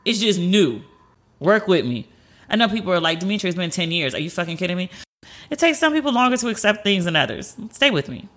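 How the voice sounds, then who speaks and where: A woman hosting her own podcast, telling stories in a chatty, animated way, swearing freely and jumping higher in pitch when she acts out what people said. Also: fairly quick. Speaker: podcast host. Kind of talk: casual solo podcast storytelling.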